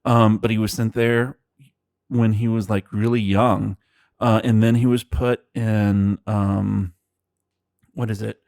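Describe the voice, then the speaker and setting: A man's voice: lowish voice, level tone, slow pace, creaky, darkish tone, dry recording, clean studio sound. A man co-hosting a casual movie podcast, rambling with lots of fillers and restarts. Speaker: podcast co-host.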